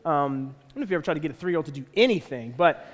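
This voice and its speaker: A man's voice: a little high, animated, rapid-fire, long reverb tail. A man preaching a sermon in a church, telling a personal family story and acting out the voices of his kids and wife. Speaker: pastor. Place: church auditorium.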